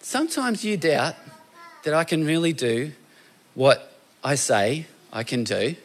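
Soft-spoken divine male voice, gentle and calm, put on by a preacher. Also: a little high, measured pace. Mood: gently probing.

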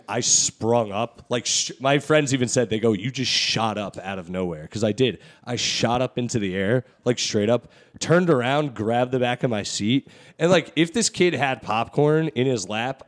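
A man's voice: mid-range voice, normal speed, hardly any pauses. A young man hosting a casual podcast, telling crude stories full of swearing. He throws himself into the quoted lines, acting out every exchange. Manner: profane storytelling, animated reenactments. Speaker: podcast host.

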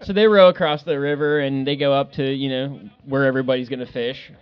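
Give me a loud, swearing man telling a fishing trip story on a lo-fi recording. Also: medium pitch, fairly even intonation, fast, smooth. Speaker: podcast co-host. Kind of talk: casual storytelling. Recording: dull lo-fi sound.

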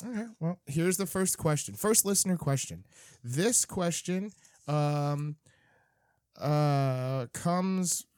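A man's voice: on the high side, lively intonation, takes it slowly, a little mellow, clean tone, dry recording, studio quality. A man co-hosting a podcast, joking and laughing often as he banters with friends. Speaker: podcast co-host. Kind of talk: casual banter.

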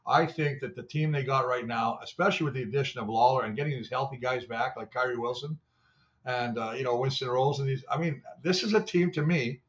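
A man's voice: medium pitch, a little fast, highs cut off. An older man, a former player and show analyst, telling rambling, salty stories in casual sports talk. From Canada. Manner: rambling, salty storytelling with mimicry.

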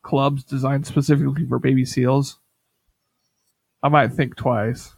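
A man with a gravelly, creaky voice chats casually on a podcast, wandering through anecdotes with lots of filler words. He sounds close and dry, with no room echo. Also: mid-range voice, level tone, a little slow, darkish tone. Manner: rambling storyteller, many "like" fillers. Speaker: podcast co-host.

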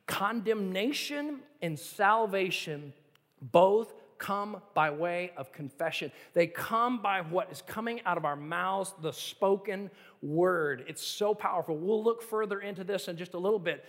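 Middle-aged male pastor, high tenor, earnest and emphatic preaching, long hall reverb. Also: animated, normal speed, fairly bright tone. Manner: earnest storytelling, building to emphatic repeated appeals. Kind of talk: sermon. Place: church sanctuary.

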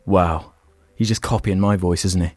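A man's voice: deep voice, steady tone, moderate pace, no echo. A man hosting a casual podcast over an online call, teasing his co-hosts and swearing freely. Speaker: podcast host.

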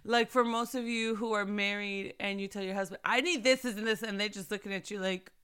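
A woman in her thirties hosting a faith podcast, talking in a chatty, animated way and addressing listeners as "sis". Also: medium pitch, a little fast, smooth. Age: 30s. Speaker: podcast host. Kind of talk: casual faith podcast talk.

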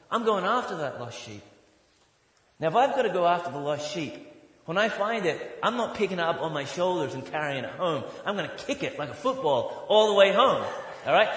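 A middle-aged American man preaching a sermon as pastor, joking and rising to loud mock outrage. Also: high voice, big pitch swings, brisk. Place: church sanctuary. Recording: echoey hall, long reverb.

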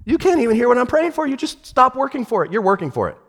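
A man preaching a sermon as pastor, animated, swinging from shouted lines to hushed ones. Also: very high voice, quick pace, big-room sound.

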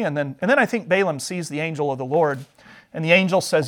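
A man's voice: fairly high pitch, moderate pace. A man teaching an adult Sunday school class, retelling a Bible story in a chatty, joking way.

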